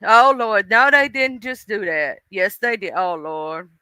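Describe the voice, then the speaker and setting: A woman's voice: mid-range voice, expressive, a little slow, pushed and bright, clear, resonant tone, no echo. Woman doing a weary head-shaking God. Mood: exasperated.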